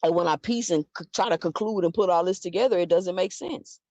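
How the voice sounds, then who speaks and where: Full of rhetorical questions and quick restarts, a lowish-voiced woman delivers emphatic, opinionated takes on boxing. The sound is dull, lo-fi, and dry, with no room sound.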